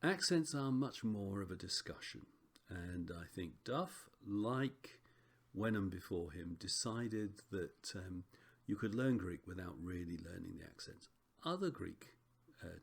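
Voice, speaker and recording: Low gravelly man teaching. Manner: relaxed, chatty, frequent ums and self-corrections. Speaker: Greek teacher. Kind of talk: recorded lesson walkthrough.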